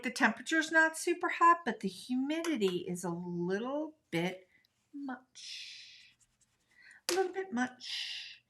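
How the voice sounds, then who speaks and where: A woman's voice: fairly low pitch, a bit bright. A woman hosting a live craft tutorial, talking chattily and upbeat as she demonstrates, now and then breaking into a sing-song voice.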